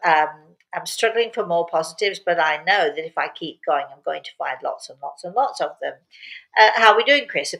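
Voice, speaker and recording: A woman's voice: on the low side, bright, forceful tone, poor audio. An older woman hosting a casual live chat, upbeat and rambling, laughing often and fighting a lingering cough. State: intermittent cough. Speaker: host.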